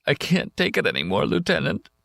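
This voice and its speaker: Guy doing a broken young soldier in an audiobook, high shaky pleading voice, dry sound. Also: very animated, gravelly, fairly bright tone, no echo, exaggerated voice. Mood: ashamed, shaky. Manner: halting, ashamed, pleading. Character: shaken young male soldier, broken by battle.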